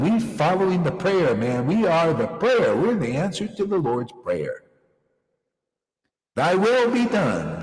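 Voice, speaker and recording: A man acting as a teacher gives an informal devotional talk, emphatic and full of rhetorical questions and repeated phrases. His voice is a little high, with a darkish tone. He is recorded in an echoey room with long reverb.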